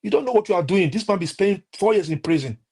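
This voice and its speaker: Animated and fast-talking, this Nigerian-accented man has a high-sitting, mellow voice with a breathy edge. His political rant on a live stream is heated and impassioned, with constant repetition, restarts and fillers.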